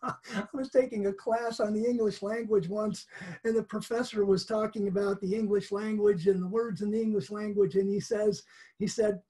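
A Bible teacher talks through a lesson in an easygoing, explanatory way. The voice is husky and mellow. Sentences often restart, and light chuckles come through. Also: mid-range voice.

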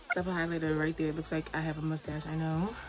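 This young woman, a beauty vlogger, talks fast in a low, level voice while getting ready at home and doing her makeup. Her casual get-ready-with-me chat is slangy and encouraging, set indoors with faint music behind it.

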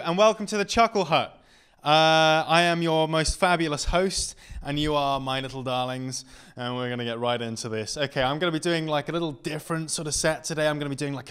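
A young man doing a stand-up comedy set as a story, camp and self-mocking, at times sinking into hushed deadpan narration. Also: fairly high pitch, clean tone.

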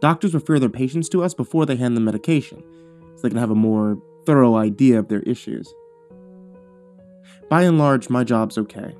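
A man reading a first-person horror story aloud in a measured, hushed storytelling manner that drops low at tense moments. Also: faint music behind.

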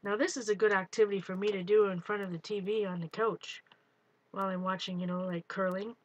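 A woman's voice: medium pitch, a little fast, lo-fi sound, slight background noise. Chatty woman demoing crafts live. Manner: excitable, talks while working, greets viewers. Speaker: art livestream host.

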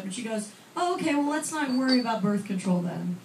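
A young woman performing a chatty, self-deprecating stand-up set on a comedy club stage, with lots of fillers and quick asides to the audience. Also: on the high side, animated, noisy background. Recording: roomy club audio from far off, with loud crowd laughter.

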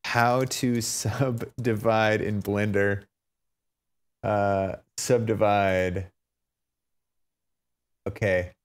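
Man, low voice, unhurried, unscripted tutorial, muttering his way through problems and mocking himself. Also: little pitch movement, clean tone. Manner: thinks aloud, fumbling and self-mocking. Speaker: tutorial maker. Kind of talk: unscripted screen-recorded tutorial.

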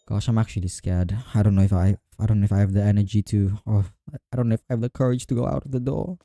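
A man's voice: fairly low pitch, fairly even intonation, fast, creaky, warm tone, no room sound, clean studio sound, soft background music. A man giving let's play commentary on a horror game, talking to himself and repeating phrases when he gets nervous. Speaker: gamer playing a horror game.

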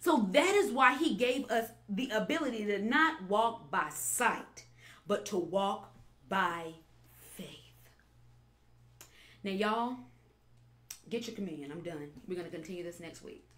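A woman pastor preaching a sermon with animated delivery, repeating phrases and building to emphatic peaks. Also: medium pitch, unhurried, pauses often.

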